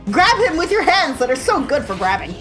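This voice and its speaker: A woman's voice: sits high, big pitch swings, fairly quick, low-quality recording. A woman hosting a reaction video, mocking a cartoon with sarcastic commentary and frequent laughter. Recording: cartoon audio and music behind.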